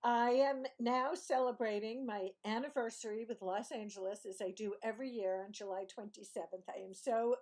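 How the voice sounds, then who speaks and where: A woman's voice: fairly high pitch, fairly even intonation, a little mellow. A woman from Brooklyn with a light New York accent, telling a rambling, self-mocking story to her vlog audience. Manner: rambling, self-mocking, digressive with quick laughs. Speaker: vlogger. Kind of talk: chatty storytelling monologue.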